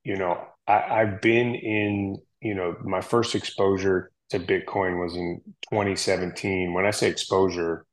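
A man's voice: deep voice, unhurried, few pauses, rough recording. A man, a firefighter guest on a podcast, telling a story casually with lots of fillers and acted-out quotes. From United States. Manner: relaxed, animated retelling with many fillers and quoted dialogue.

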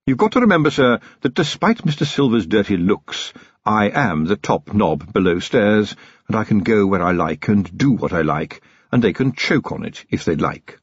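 Brief: male narrator voicing a sly, knowing manservant, high and lively, dry close recording. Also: moderate pace, slightly rough, dry recording, muffled recording. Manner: blunt, knowing, chatty. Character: shrewd cheeky male manservant, middle-aged.

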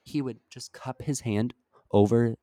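A man's voice: mid-range voice, measured pace, mellow, no room sound, clean studio sound. A young man co-hosting a casual podcast, telling a long story with many "like" fillers and acting out overheard lines. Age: young adult. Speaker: podcast co-host. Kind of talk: casual chat.

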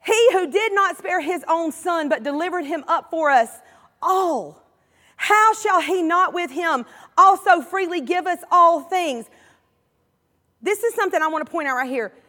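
This is a passionate sermon from a Southern-accented American woman whose very high, bright voice carries a forceful tone through a big-room space. Emphatic and repetitive for effect, she calls on the congregation and draws their responses.

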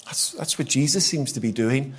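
Brief: Northern Irish male guest preacher, mid-pitched voice, punchy repetition, live sermon. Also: moderate pace, slightly rough. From Northern Ireland. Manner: emphatic, repetitive, rhetorical questions to the congregation. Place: church hall, live congregation.

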